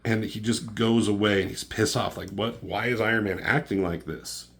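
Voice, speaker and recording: A man with a fairly low voice talks through a comic book in a loose, rambling way. He swears freely and jumps up in pitch and volume when he acts out the characters' lines. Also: steady tone, moderate pace, a bit bright. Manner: profane, rambling, acts out dialogue in raised voice. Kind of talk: casual comic review.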